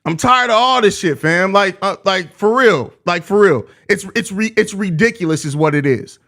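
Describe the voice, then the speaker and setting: A man's voice: high-pitched, lively intonation, moderate pace, a bit bright. A young man with a Chicago accent hosting a live postgame show, ranting heatedly and cursing. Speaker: podcast host.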